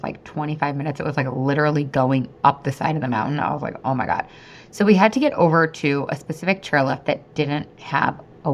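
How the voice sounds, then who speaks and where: A woman in her thirties hosting a podcast, telling a story in a chatty, animated way and often talking straight to her listeners. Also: low voice. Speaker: podcast host and weight-loss coach. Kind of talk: casual storytelling monologue.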